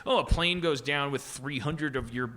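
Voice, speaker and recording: A podcast host, a man, riffs in a loose, rambling way, restarting sentences and swearing casually. His voice is bright and forward and sits a little high for a man. He talks like he is working the idea out on the spot. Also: normal speed. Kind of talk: casual comedic riffing. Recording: live podcast stage.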